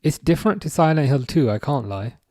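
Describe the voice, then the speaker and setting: A man's voice: a little high, expressive, a little fast, warm tone, dry recording, studio quality. Chatty man streaming match commentary. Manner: reads chat messages aloud and answers viewers; chatty, self-correcting, repeats words. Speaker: live stream host. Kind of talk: casual live chat commentary.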